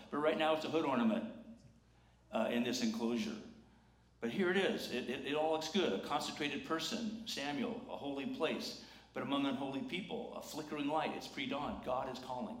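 A man preaches in a church, and his voice carries a roomy echo off the walls. His pitch sits mid-range for a man. He keeps the sermon loose and chatty, with jokes and little acted-out voices. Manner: conversational and humorous, acts out quoted voices. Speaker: pastor. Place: church sanctuary.

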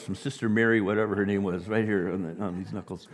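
A man preaching a sermon as pastor, animated, dropping to quiet asides and rising to loud emphasis. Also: fairly low pitch, quick pace, hardly any pauses. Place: church sanctuary. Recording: long reverb of a large hall.

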